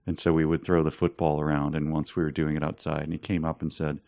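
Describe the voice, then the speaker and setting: A man with a deep, low voice co-hosts a podcast in easy conversation. He tells stories in a relaxed, unhurried way and often laughs along the way. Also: vocal fry. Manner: laid-back storytelling with frequent laughs. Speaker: podcast co-host. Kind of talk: casual chat.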